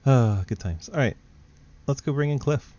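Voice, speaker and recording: A laid-back male host interviews drivers with easy teasing and frequent laughter, his voice at an ordinary pitch. The sound is dry and a little dull, like a lo-fi voice chat mic. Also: lively intonation, normal speed, mellow, dry recording. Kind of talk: casual post-race interviews.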